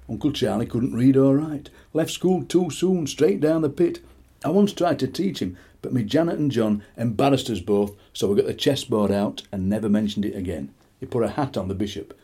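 Husky Yorkshire poet in his sixties. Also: medium pitch, normal speed, mellow. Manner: anecdotal, rambling, chuckling asides. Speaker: poet and radio presenter. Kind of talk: poetry reading and chat.

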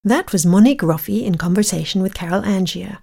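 A woman announcer reading a podcast outro script in a measured, formal way. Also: medium pitch, creaky, dark tone.

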